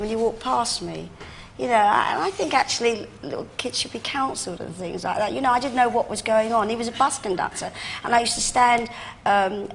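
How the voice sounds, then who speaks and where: A woman's voice: medium pitch, gravelly, a little hiss or hum. A woman in her sixties from London with a Cockney accent, chatting as a chat show guest and calling people darlings. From London, England. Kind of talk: casual chat show interview. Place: TV studio with audience.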